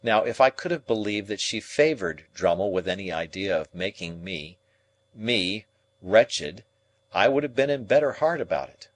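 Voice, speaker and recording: A man narrating a classic novel as an audiobook, reading in a measured, reflective way. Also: lowish voice, no echo.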